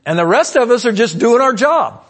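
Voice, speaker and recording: A man preaching a sermon, calling out "amen?" to the congregation and swinging between loud emphatic lines and low asides. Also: expressive, moderate pace, husky. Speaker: pastor.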